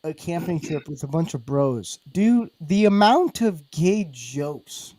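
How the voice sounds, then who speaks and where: Brief: high-pitched male podcast host, dry close sound, teasing and crude. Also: expressive, takes it slowly, no echo. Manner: crude, teasing banter with loud laughs. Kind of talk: casual chat.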